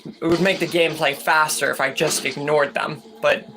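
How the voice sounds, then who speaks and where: A man's voice: a little high, fairly even intonation, normal speed. A man hosting a gaming channel, rambling in a chatty casual way over gameplay. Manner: rambling and chatty, with fillers and restarts.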